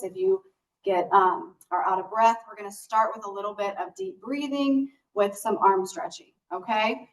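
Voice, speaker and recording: A female instructor gently guides a class through deep breathing and arm stretches, encouraging everyone step by step. Her voice is fairly high and sounds a little distant from the microphone. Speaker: exercise instructor.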